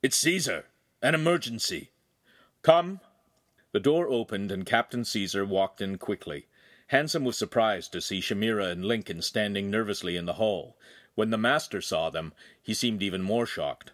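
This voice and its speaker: A man reading a novel aloud as scripted narration, with expressive storytelling. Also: on the low side, moderate pace. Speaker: audiobook reader.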